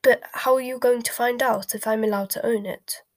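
A woman voicing a blunt, reluctant teenage boy wizard in a soft whispered role-play storybook reading. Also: a little high, steady tone, normal speed, natural voice.

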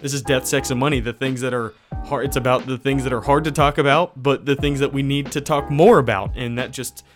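A man's voice: medium pitch, steady tone, brisk, hardly any pauses, soft background music. A man from West Virginia with a country accent, hosting a podcast in an easygoing, folksy, rambling way. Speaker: podcast host. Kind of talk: casual podcast chat and outro.

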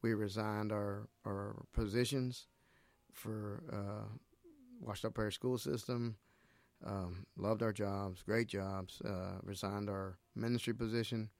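Middle-aged man from Nicaragua, missionary guest, earnest faith storyteller, lowish voice, dry close sound. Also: takes it slowly, creaky, dry recording. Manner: earnest storyteller, animated when retelling scripture. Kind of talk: casual faith conversation.

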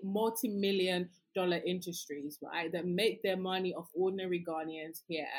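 Husky, very low-voiced woman host. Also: rough recording. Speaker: podcast host. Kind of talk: casual conversation.

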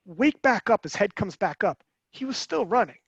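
Animated high-voiced man, muffled sound. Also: moderate pace, husky, dry recording. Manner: animated, rambling, swearing. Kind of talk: casual podcast chat.

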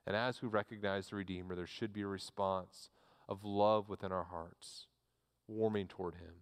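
A man's voice: low voice, fairly even intonation, normal speed. Man preaching in an echoing hall. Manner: earnest, repeats words as he restarts. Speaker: pastor. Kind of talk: sermon.

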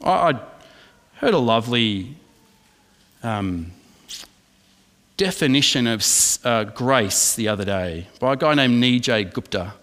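A man's voice: medium pitch, expressive, unhurried, pauses often, a bit bright. Australian male pastor preaching in a hall. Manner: emphatic preaching, asks the congregation questions. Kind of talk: sermon.

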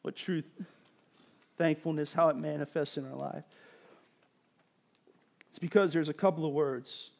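High-voiced preaching man. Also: fairly even intonation, a little slow, gravelly, pauses often. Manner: preaching with rising, emphatic bursts and quiet asides. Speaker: pastor. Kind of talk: sermon.

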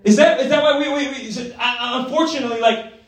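A man preaching a sermon in an energetic, conversational way, often checking in with the room. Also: very high-pitched, fast. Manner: energetic, conversational, tag questions. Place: church gathering hall. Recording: echoey hall from far off.

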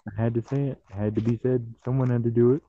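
A young man co-hosts a podcast in casual chat, joking around goofily and often saying "bruh." He talks fast with a steady tone at medium pitch, a crowd audible behind him. The close mic sounds dull and muffled.

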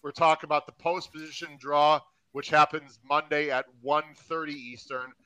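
A man's voice: on the high side, fairly even intonation, normal speed, sharp tone, smooth, low-quality recording. A man hosting a live podcast, talking in an upbeat, hype-building way. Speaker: podcast host.

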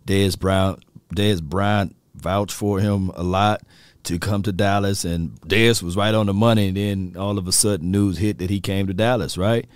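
A man's voice: low-pitched, steady tone, normal speed, smooth, no room sound. A man hosting a casual sports talk show, joking, laughing often and talking straight to his viewers.

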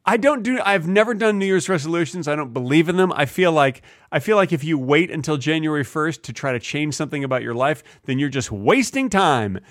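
A man's voice: on the high side, lively intonation, a little fast, hardly any pauses, no echo. Playful joking man on a dry mic. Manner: jokey, playful, mock-serious bits. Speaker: podcast co-host. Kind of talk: comedic casual chat.

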